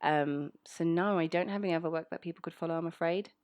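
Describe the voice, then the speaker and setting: Low-voiced South London woman, chatty. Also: quick pace, a little mellow. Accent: South London English, fairly well-spoken. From South London, England. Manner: chatty, frank, many "um"s, reads questions aloud. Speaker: voice actor answering listener questions. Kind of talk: casual Q&A chat.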